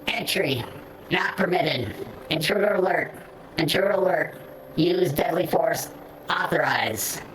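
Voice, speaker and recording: A man voicing a hostile security android drone through a voice filter, giving clipped monotone commands. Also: fairly high pitch, measured pace, slight background noise, pitched above the performer's own voice, low-quality recording. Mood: menacing.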